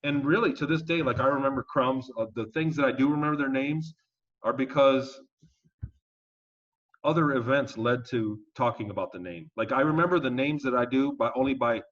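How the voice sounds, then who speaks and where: A man being interviewed as a guest, telling his story in a casual, animated and emphatic way and swearing now and then. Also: mid-range voice, normal speed. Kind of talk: conversational storytelling. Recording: dull lo-fi audio.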